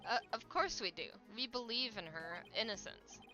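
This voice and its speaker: A woman's voice: a little high, expressive, moderate pace, sharp tone, faint music behind. A woman voicing an earnest young male defense lawyer who stammers anxiously while reading game dialogue. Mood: rattled.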